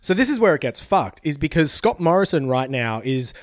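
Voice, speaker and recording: A man co-hosts a casual political podcast. He rants in a slightly high voice, swears freely and laughs sarcastically. The sound is dry and close. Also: big pitch swings, fairly quick, no room sound. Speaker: podcast co-host.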